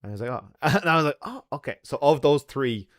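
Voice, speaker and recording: A man's voice: fairly high pitch, fast talker, no echo, studio quality. An Irish man hosting a live stream, reading viewer comments and chatting in a loose, jokey way with lots of laughs and fillers. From Ireland. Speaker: livestream host.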